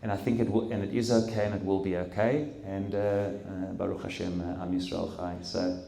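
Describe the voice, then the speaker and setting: A middle-aged man giving an emotional personal testimony at a talk, speaking haltingly with pauses and restarts. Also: low-pitched, flat delivery, creaky, dark tone. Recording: roomy hall echo.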